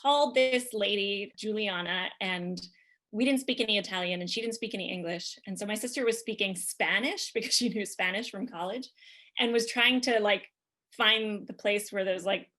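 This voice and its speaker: Bright-voiced woman telling a story. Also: medium pitch, moderate pace. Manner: chatty, rambling with many fillers and laughs. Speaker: podcast guest. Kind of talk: casual comic storytelling.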